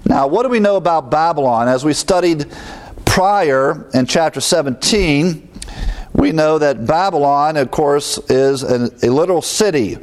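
A man's voice: on the high side, unhurried. Guy preaching a bible lesson, chatty, lots of asides, chuckles to himself. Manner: conversational, with fillers and asides, chuckles at own remarks. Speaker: pastor. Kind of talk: Bible teaching sermon.

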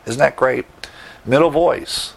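A man's voice: mid-range voice, slow, gravelly, slightly rough. A man preaching a sermon, teaching verse by verse with emphatic asides and rhetorical questions. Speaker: pastor.

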